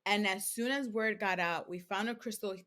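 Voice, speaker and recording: Animated woman telling her story. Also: mid-range voice, moderate pace. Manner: animated, acts out quoted speech, many fillers like "like". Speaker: podcast guest, crystal seller. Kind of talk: casual interview storytelling.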